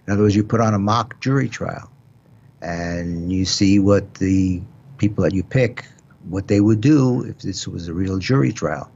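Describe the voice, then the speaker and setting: A man's voice: sits low, normal speed, creaky, a little mellow, slightly rough. An older man with a New York accent, a retired judge hosting a casual radio talk show, explaining legal matters with frequent restarts. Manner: explanatory, repeats words, restarts. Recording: dull lo-fi broadcast audio.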